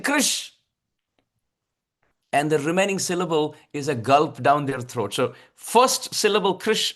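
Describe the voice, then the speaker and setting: A man giving a devotional scripture discourse, expressive and drawn out, with frequent soft laughs. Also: a little high. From India. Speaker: spiritual speaker.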